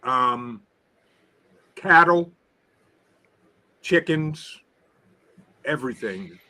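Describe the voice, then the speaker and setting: A man chatting casually on a livestream panel, slow and agreeable. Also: medium pitch, expressive, pushed and bright. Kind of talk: casual chat.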